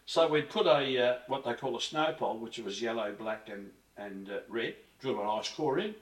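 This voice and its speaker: A man's voice: medium pitch, animated, moderate pace. An older man from Australia, an interview guest telling stories in a rambling, earthy way, with restarts and mild swearing. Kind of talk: casual reminiscing interview. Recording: roomy, from a distance.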